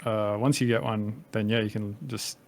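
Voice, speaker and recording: A man's voice: fairly low pitch, little pitch movement, normal speed, gravelly. A man from Australia with a light Australian accent, chatting as a podcast guest, rambling with lots of fillers and casual swearing. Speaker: podcast guest, music producer. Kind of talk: casual conversation.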